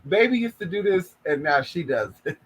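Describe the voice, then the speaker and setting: A woman's voice: lowish voice, big pitch swings, normal speed, breathy edge. A woman from California, sassy, chatting casually to viewers on her live stream and calling everyone honey.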